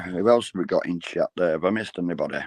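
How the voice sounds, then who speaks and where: A hoarse man hosting a casual livestream chat, blunt and sweary with laddish banter. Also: sits low, fairly quick, dry recording. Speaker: livestream host.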